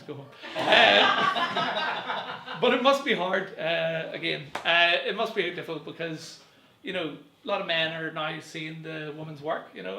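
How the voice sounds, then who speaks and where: A man's voice: on the high side, creaky, pushed and bright, reverberant, a little hiss or hum. A young man doing a rambling, self-deprecating stand-up set to camera from home, full of fillers and chuckles at his own jokes. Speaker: stand-up comedian.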